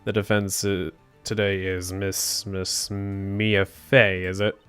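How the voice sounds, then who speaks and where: A halting, fussy old judge, read by a man. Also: deep voice, level tone, a bit bright, smooth, faint music behind, voice pushed down. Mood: hesitant. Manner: reading game dialogue aloud, halting. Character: older male judge, hesitant and fussy.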